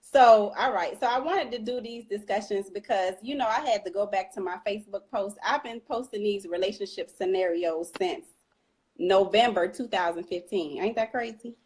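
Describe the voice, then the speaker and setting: Southern lady from north florida, husky voice, laughing and joking around with a friend on a call. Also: mid-range voice, moderate pace, a little mellow, low-quality recording. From Jacksonville, Florida (Duval County). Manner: laughing, playful, Southern slang. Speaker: host. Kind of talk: casual chat. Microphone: online call.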